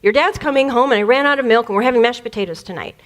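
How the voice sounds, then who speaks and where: A busy, practical mother hands out brisk orders in a rush, as a woman puts her on while telling a story. The voice sits a little high and quick, with no time to waste. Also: natural voice. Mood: hurried.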